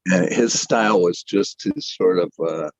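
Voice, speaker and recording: Speaking unhurriedly in a deep voice, an older animator recounts his career as an interview guest. The casual story rambles, he is self-deprecating and keeps restarting sentences, and the dry recording has its highs cut off.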